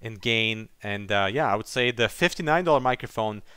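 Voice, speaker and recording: A man talks casually through a headset review, testing microphones and clicking through settings. His voice is bright and forward, and the sound is dry and close, with no room echo. His delivery is relaxed and conversational. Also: lowish voice, moderate pace, smooth. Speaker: tech reviewer. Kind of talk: product review narration. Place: home desk setup. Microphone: headset microphones under test.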